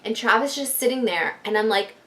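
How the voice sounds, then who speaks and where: A woman's voice: fairly high pitch, a little fast. Chatty young woman telling a story. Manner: chatty, animated, swearing, many "like" fillers. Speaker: vlogger. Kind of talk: casual storytime. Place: bedroom.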